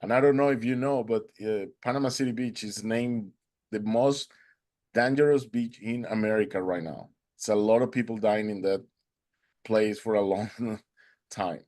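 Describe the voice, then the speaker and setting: A man's voice: fairly low pitch, a little mellow. Earnest man telling a personal story. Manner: earnest, halting with restarts.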